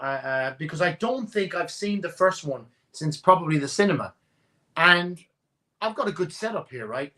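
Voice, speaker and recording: Bright-voiced man chatting about movies. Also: on the high side. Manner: swears freely, animated and teasing. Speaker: live stream co-host. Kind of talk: casual chat about movies. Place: home setup.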